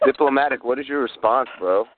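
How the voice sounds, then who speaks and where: A man's voice: medium pitch, a little fast. A laid-back man co-hosting a podcast, laughing and telling others to chill. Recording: tinny line.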